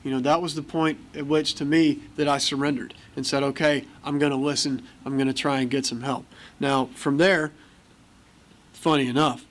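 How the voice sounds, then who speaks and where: A man's voice: medium pitch, little pitch movement, normal speed. An American man speaking at a recovery meeting, telling his story candidly and acting out the voices of people in it. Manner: candid storytelling, acts out quoted dialogue. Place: meeting hall.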